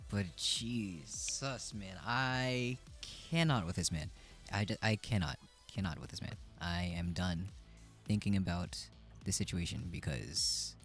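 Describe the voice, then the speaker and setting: A man's voice: low-pitched, measured pace, a bit bright, faint music behind. A man hosting a casual chat stream, talking in a laid-back, rambling way that trails off and restarts.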